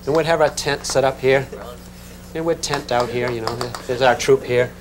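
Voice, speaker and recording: A man teaching a physics class in a classroom, talking in a relaxed, conversational way and checking in with his students. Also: mid-range voice, normal speed, background noise. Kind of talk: classroom lecture.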